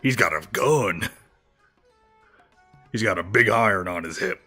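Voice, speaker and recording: A man putting on a gruff, swaggering cowboy voice, trying hard to sound tough. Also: on the low side, animated, unhurried, pushed and bright, faint music behind, heavily acted. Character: tough-talking male cowboy.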